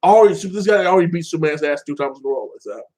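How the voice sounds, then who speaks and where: A man's voice: fairly high pitch, animated, very fast, darkish tone, poor audio. A man casually recapping and reviewing a show episode, rambling with lots of fillers and acting out the characters' lines.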